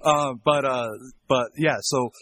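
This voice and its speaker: A man in casual podcast chat about movies, animated and joking, laughing often. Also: medium pitch, takes it slowly. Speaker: podcast co-host. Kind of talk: casual chat reviewing films.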